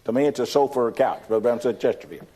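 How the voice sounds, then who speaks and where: A man's voice: medium pitch, racing, dark tone. An older man with a Texan accent, telling a folksy testimony in a sermon, often repeating words as he starts a sentence. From Texas. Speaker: preacher giving a testimony. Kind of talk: storytelling sermon.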